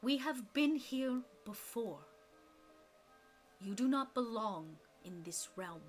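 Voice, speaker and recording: A woman voicing an ancient, calm, motherly female spirit who speaks slowly and gently in a tabletop game. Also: fairly high pitch, soft background music. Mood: solemn.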